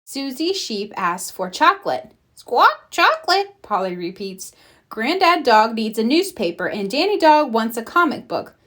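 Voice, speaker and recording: A woman reading a children's picture book aloud, slow and expressive. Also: on the high side. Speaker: storybook reader. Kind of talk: children's read-aloud narration.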